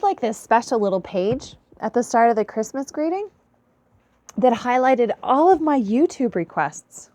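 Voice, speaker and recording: Slow-talking tired woman. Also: on the high side, expressive, no echo. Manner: slow, apologetic and soft-spoken. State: tired, yawning. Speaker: intuitive reader. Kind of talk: late-night reading to viewers.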